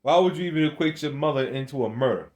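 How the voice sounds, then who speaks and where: A man's voice: fairly high pitch, lively intonation, quick pace, darkish tone. A man delivering a rambling religious rant to camera, scolding his viewers, swearing and restarting his phrases. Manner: scolding, swears, laughs between points. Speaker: religious video maker.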